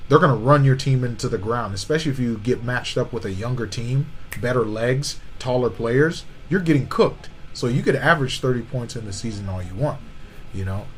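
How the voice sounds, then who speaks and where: A man's voice: mid-range voice, fairly quick, a little hiss or hum, rough recording. A man co-hosting a podcast, arguing about basketball in casual slang and often saying "you know what I'm saying". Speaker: podcast co-host. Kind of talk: casual sports debate.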